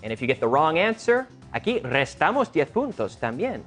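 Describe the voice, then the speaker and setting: A man hosting a quiz show and teaching English, energetic and teacherly, stressing intonation. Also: a little high, brisk, faint music behind.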